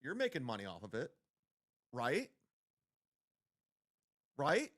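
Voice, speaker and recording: Ranting man with a lively voice. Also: mid-range voice, takes it slowly. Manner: mocking, ranting, heavy swearing. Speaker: streamer reacting to a clip. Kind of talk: livestream commentary.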